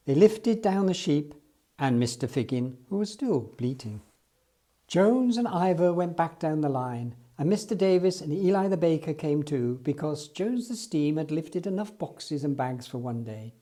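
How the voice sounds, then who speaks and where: A man reading a children's storybook aloud in an expressive storytelling manner. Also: a little high, moderate pace. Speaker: storybook reader.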